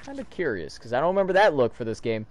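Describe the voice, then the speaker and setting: A man giving excitable, casual reaction commentary while reading a comic aloud, throwing in loud sound effects. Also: mid-range voice, quick pace, slight background noise. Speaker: video host reading a comic.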